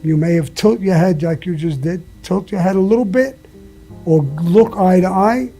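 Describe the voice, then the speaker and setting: Faint music plays behind a man whose voice sits high and sounds mellow and husky. Speaking at a moderate pace as an interview guest, he recounts stories full of swearing, delivered bluntly with plenty of emphasis and a laugh here and there.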